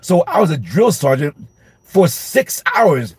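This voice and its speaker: Husky man preaching with dry close sound. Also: on the high side, sing-song, a little slow, no room sound. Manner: emphatic, repeats phrases, acts out shouting at a class. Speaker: minister. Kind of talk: informal Bible study teaching.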